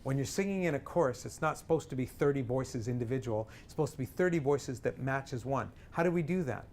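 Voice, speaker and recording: A man teaching a singing lesson in front of an audience, coaching with lively talk and breaking into sung examples. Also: mid-range voice, fast, a little hiss or hum.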